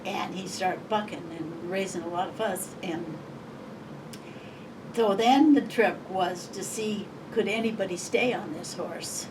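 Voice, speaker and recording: A woman's voice: mid-range voice, a little slow. An older woman from Montana, an interviewee telling oral history stories in a rambling, chuckling way. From Montana, USA. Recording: distant mic, faint background noise.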